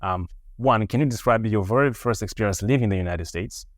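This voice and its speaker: Man, podcast host, low voice, halting, restarts a lot, dry sound. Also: no echo. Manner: halting, repeats words while framing questions. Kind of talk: conversational interview.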